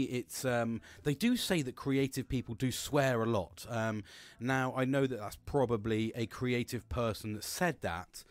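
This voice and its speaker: A British man hosting his own show in a rambling, chatty monologue, swearing freely and filling pauses with ums and restarts. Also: medium pitch, no echo. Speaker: podcast host. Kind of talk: casual chat monologue.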